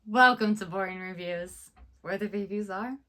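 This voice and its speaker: A woman's voice: medium pitch, moderate pace, a bit bright. A woman co-hosting a reaction channel in casual chat, playful and teasing.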